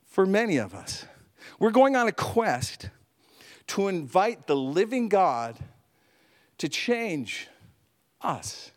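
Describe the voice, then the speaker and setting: A man preaching a sermon as a pastor, telling stories in an animated way, with asides and laughter. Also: high-pitched.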